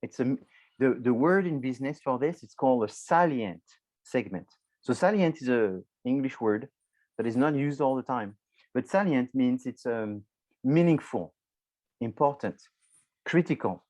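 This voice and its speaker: A man's voice: medium pitch, expressive, moderate pace, darkish tone, no echo, poor audio. A man lecturing a university marketing class, explaining loosely with many restarts and filler words, addressing students directly.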